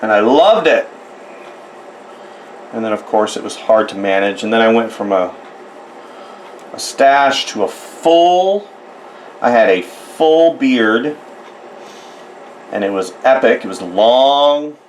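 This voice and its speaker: Slow, chatty American art tutor man. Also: mid-range voice, expressive, a little hiss or hum, low-quality recording. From United States. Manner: rambling, chatty, self-deprecating asides. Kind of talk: casual drawing tutorial narration.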